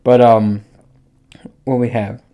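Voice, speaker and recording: Young man, podcast host, casual monologue, crude jokes, frequent laughter, mid pitch. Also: little pitch movement, slow pace, mellow. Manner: crude, joking, laughs often.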